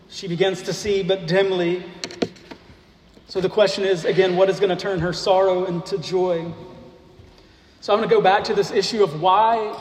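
Man preaching slowly in an echoey hall. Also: high voice, a little mellow. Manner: slow, deliberate preaching with rhetorical questions. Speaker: pastor. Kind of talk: sermon. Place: church sanctuary. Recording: echoey hall, faint noise.

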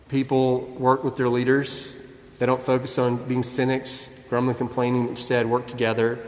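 A man's voice: mid-range voice, slight background noise. A man preaching a sermon, retelling a story in a casual way with acted asides. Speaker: pastor. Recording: long hall reverb.

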